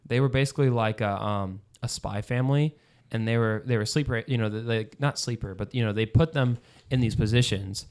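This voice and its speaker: A man's voice: medium pitch, brisk, darkish tone, clear, resonant tone. A man co-hosting a film podcast, talking casually with many fillers and restarts. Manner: rambling, lots of fillers and restarts. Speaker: podcast co-host. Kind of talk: casual chat.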